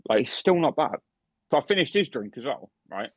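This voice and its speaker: A man's voice: mid-range voice, big pitch swings, normal speed, pauses often, husky, no room sound. A young man co-hosting a podcast, telling a story in casual chat, swearing heavily with lots of restarts and fillers. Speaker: podcast co-host and barman. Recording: dry, dull lo-fi podcast mic.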